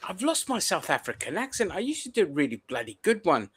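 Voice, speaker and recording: A man's voice: sits high, huge pitch swings, fast talker, a bit bright, breathy edge. A man in casual podcast banter, making crude, provocative jokes. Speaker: podcast co-host.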